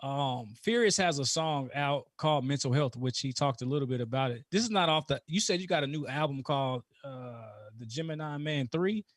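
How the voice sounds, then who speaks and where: A man's voice: mid-range voice, fairly quick, hardly any pauses, no room sound, studio quality. A man hosting a casual live interview, talking informally and often restarting and repeating words. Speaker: host.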